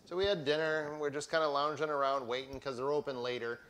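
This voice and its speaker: A man's voice: mid-range voice, fairly even intonation, fast, a bit bright. A middle-aged man co-hosting a casual craft livestream, teasing his wife and reading viewer comments aloud. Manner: teasing, laughing storyteller.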